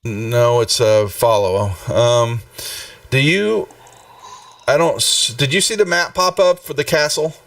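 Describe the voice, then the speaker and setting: A man's voice: mid-range voice, slow, a bit bright, far from the mic. A man running a tabletop game on a live stream, rambling with many fillers and restarts. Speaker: game master.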